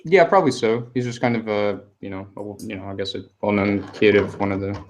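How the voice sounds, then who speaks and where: A man narrating as game master, relaxed and full of fillers as he describes scenes. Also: fairly low pitch, a little fast, noisy background.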